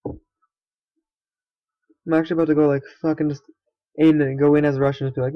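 A man's voice: a little high, flat delivery, brisk, dry recording, muffled recording. Sarcastic young man muttering over a game. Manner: sarcastic, swears, mutters to himself. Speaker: gaming let's player. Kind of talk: casual gameplay commentary.

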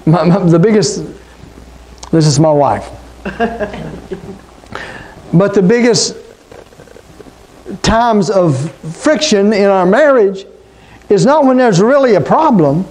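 A middle-aged pastor delivers a sermon in a high-pitched, slightly mellow voice, slow and expressive, with long pauses. His style is conversational, throwing questions and call-outs to the congregation before him.

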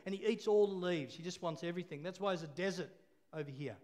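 A man's voice: high voice, fast, darkish tone. A man preaching a sermon, telling a story with laughs and call-and-response.

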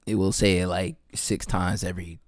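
A man's voice: deep voice, flat delivery, normal speed, dry recording, clean studio sound. A young man giving laid-back slangy commentary as he reacts to a video. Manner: laid-back slangy banter, says bro a lot.

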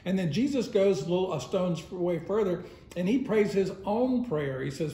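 A man's voice: high voice, lively intonation, normal speed, dark tone. A man teaching a Sunday school lesson in a casual, conversational way, often chuckling as he retells the story. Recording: roomy echo.

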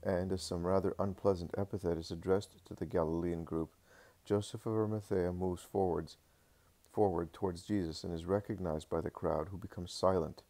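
Brief: male audiobook narrator, very low and gravelly, steady solemn reading. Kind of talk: scripted narration of a religious text.

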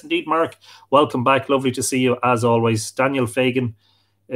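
A man's voice: mid-range voice, fairly bright tone. A man with an Irish accent hosting a live online show, chatting casually and greeting viewers by name as he reads out their comments. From Ireland. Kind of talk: casual live-stream chat, reading out comments.

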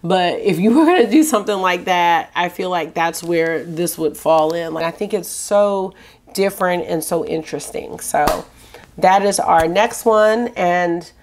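A woman's voice: lowish voice, measured pace, a little mellow. A woman vlogger giving a casual, enthusiastic fragrance review, chatting and listing scent notes. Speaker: beauty vlogger.

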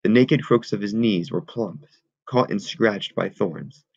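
A man reads a novel aloud in a steady, measured way. His voice is low with a gravelly fry, and the recording sounds dull and lo-fi. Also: dry recording. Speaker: audiobook reader.

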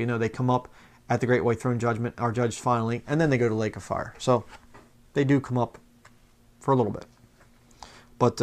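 Fired-up preaching man. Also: medium pitch. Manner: passionate, fired-up, mocking; reads quotes aloud from books. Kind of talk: fiery religious commentary video.

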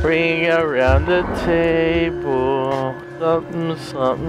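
A man playing a horror game and commenting live, swearing, shouting in panic, repeating himself and laughing. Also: a little high, steady tone, measured pace. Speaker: let's play gamer. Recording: loud game music and effects behind.

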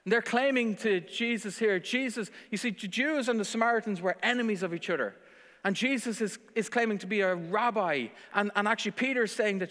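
High-voiced man preaching in echoey hall. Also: a little fast, fairly bright tone. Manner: earnest, emphatic preaching with rhetorical questions. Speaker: pastor. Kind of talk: sermon. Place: church service, streamed online. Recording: long church-hall reverb.

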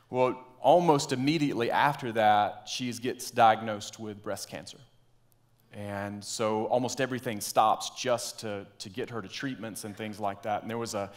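A man preaching a sermon as pastor, telling a story and dropping into quiet, earnest tones. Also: mid-range voice.

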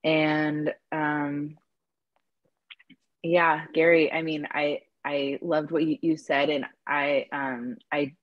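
A woman with a very low voice speaks on an online panel, stuttering with frequent repeats and restarts. Her sound is dry and close, as on a video call. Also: flat delivery, slow pace, no echo, lo-fi sound.

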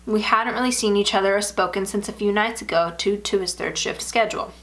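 A woman narrating a first-person horror story aloud in an even, measured way. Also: mid-range voice.

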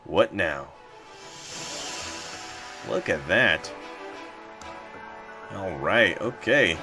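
A hyped-up man commentating his own video game run, boastful and full of repeated catchphrases. His pitch swings widely as he talks, and clear game music plays beneath his voice. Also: expressive, very slow, pauses often. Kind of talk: let's play commentary.

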